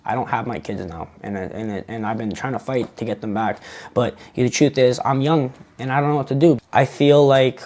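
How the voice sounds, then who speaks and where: A twenty-year-old man telling his own story in a personal vlog, halting and earnest, with many restarts. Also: mid-range voice, darkish tone.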